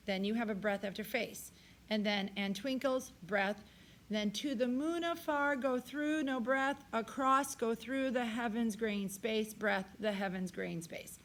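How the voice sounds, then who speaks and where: A woman's voice: a little high, a bit bright, a little hiss or hum. Tired-voiced woman teaching a choir. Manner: directs singers, sings phrases to demonstrate. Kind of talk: recorded choir rehearsal lesson.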